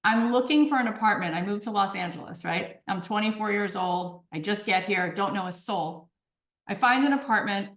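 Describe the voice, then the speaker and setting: A woman in her forties, a podcast guest telling stories in an animated conversational way, often checking in with "right?" and "okay?". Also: mid-range voice, moderate pace, far from the mic. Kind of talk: storytelling in conversation. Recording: roomy echo.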